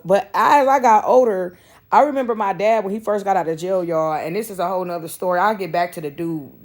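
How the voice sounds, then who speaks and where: A woman's voice: on the low side, a little mellow. A woman telling a personal story in a casual vlog, talking straight to her listeners and drifting into side stories. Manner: rambling, addresses listeners as y'all, drifts into asides.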